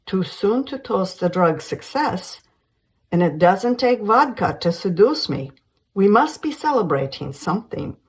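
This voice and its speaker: A woman reading the lines of a playful, skeptical woman doctor in her forties, in a husky voice. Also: medium pitch, sing-song, a little slow, voice pushed up, exaggerated voice. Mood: teasing. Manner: teasing, skeptical.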